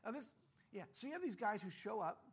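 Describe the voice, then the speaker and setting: A male pastor preaching a sermon, animated, asking rhetorical questions and briefly acting out the voices of figures in the story. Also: high-pitched, fairly quick, husky.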